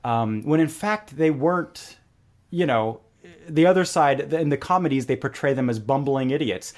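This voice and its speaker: A man as a podcast guest, telling stories in a relaxed conversational way and acting out quoted lines. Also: mid-range voice, moderate pace. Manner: animated, acts out quoted lines in a joke. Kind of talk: conversational storytelling.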